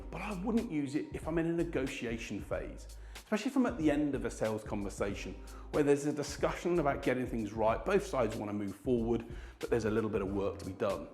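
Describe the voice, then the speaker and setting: A man's voice: mid-range voice, a little mellow. A man teaching sales, acting out sample lines to show different tones of voice. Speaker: sales trainer. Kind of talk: instructional talk to camera. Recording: roomy sound with faint music.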